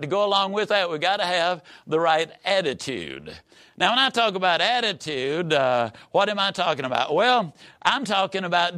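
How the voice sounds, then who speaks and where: Male motivational speaker, folksy emphatic delivery, animated pitch. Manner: folksy, emphatic, swoops high and low. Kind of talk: motivational speech.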